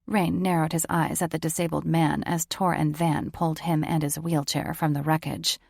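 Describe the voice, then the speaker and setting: A woman narrating an audiobook with steady, measured storytelling. Her voice sits a little low with a gravelly edge. The recording is dry and close to the mic. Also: no room sound.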